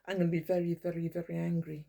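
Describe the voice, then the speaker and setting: An older vlogger speaks fast and flat, her lowish voice warm with vocal fry. Facing the camera, she launches into an angry, rambling tirade full of swearing, calling people out by name.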